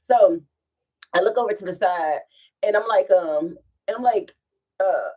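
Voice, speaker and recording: A woman's voice: medium pitch, unhurried. A woman vlogger, chatting casually at home and telling a rambling story with frequent laughs. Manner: animated, rambling, laughs often.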